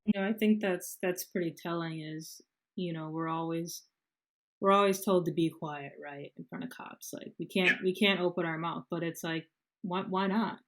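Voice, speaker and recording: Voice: mid-range voice, fairly even intonation, normal speed, rough recording. A podcast host in casual conversation, reflecting aloud with rhetorical questions.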